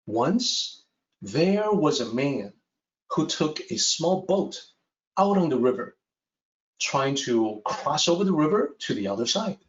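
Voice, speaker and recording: Man giving a slow story lecture, pitch swings a lot, kinda dull muffled sound. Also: distant mic. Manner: slow, measured, with lively rises and falls. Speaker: teacher of Taoist texts. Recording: echoey room, dull sound.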